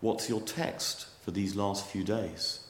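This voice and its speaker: A formal, direct archangel Gabriel, as a preacher puts him on asks his questions in a deep, low voice. The sound rings around an echoey church. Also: steady tone, takes it slowly, slight background noise. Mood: grave. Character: archangel Gabriel, male messenger of God, brisk and patient.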